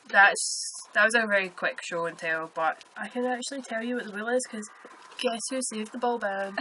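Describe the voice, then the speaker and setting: A woman's voice: mid-range voice, moderate pace, bright, forceful tone, a little hiss or hum, low-quality recording. A woman with a Scottish accent hosting a podcast, chatting casually and telling rambling stories. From Scotland. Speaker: podcast host. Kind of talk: casual chat.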